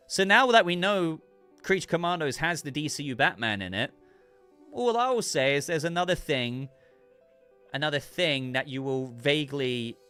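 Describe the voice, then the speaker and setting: A man's voice: medium pitch, sharp tone. A man hosting a casual livestream, chatting loosely and reading viewer messages, sounding congested with a cough. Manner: rambling, chatty, self-interrupting. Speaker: livestream host.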